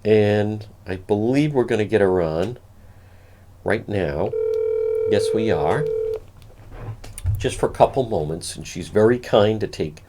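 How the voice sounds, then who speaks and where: A man hosts a talk radio show and introduces a caller. He speaks in an earnest, measured way and sounds reassuring. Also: on the low side, warm tone, slight background noise.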